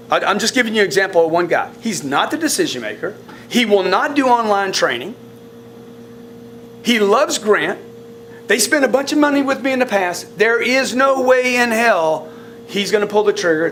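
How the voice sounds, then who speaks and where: A man coaching his sales team in a blunt, forceful way, often repeating words. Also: sits high, slight background noise. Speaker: sales trainer.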